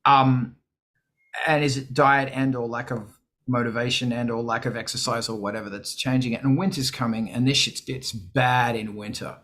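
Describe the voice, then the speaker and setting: Bright-voiced man chatting, swearing. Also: mid-range voice, moderate pace. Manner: animated, swearing, quoting others in put-on voices. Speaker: livestream host. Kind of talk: casual chat to a live audience.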